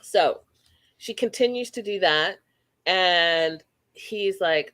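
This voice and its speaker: A woman from Canada hosting a casual reality TV recap, blunt and animated, acting out quotes. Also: on the low side, slow.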